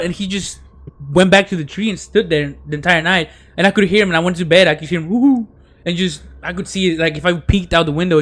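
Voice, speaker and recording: A man's voice: fairly high pitch, fairly bright tone. A man hosting a podcast, telling a story in a rambling casual way, full of fillers and dropped-in Spanish words. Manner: drops in Spanish words and phrases. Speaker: podcast host.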